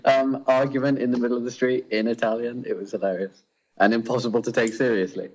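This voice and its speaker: A man's voice: mid-range voice, steady tone, fast, a little mellow. A man co-hosting a podcast, making dry, wry remarks and stumbling over his first words. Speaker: podcast co-host. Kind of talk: casual chat. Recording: dull lo-fi podcast audio.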